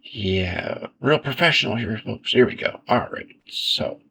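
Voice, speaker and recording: Laid-back male gamer, gravelly and unhurried, self-mocking asides over mouse clicks. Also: medium pitch, slight background noise. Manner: relaxed, self-deprecating, thinks aloud. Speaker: gaming video creator. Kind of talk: casual gameplay commentary.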